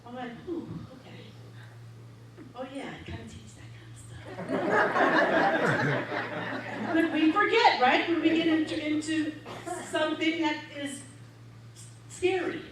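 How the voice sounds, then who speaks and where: A minister gives a storytelling sermon in the large hall of a spiritual center, animated, laughing often, and acting out quotes. Her voice sits high at a normal speed. The hall is echoey, with a distant mic and a faint hum.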